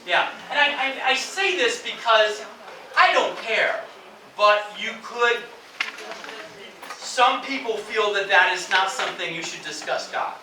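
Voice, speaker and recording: Male English teacher, high bright voice, demonstrative classroom delivery, echoey distant room sound. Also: lively intonation, measured pace, noisy background. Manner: explanatory, demonstrates intonation with exaggerated examples.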